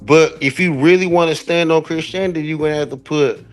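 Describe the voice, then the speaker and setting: Man making a measured point. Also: on the high side, faint music behind. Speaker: debate show panelist. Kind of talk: argumentative discussion.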